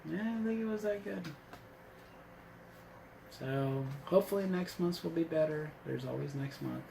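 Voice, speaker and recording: A man's voice: on the high side, normal speed, gravelly, dark tone, slight background noise, poor audio. Rambling sarcastic man reviewing gear. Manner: rambling, sarcastic, swears freely. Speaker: vlogger reviewing a subscription box. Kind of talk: casual product review.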